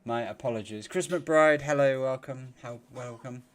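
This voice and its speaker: A man hosting a casual live stream, chatty and quick to laugh, greeting viewers by name. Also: mid-range voice. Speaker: livestream host.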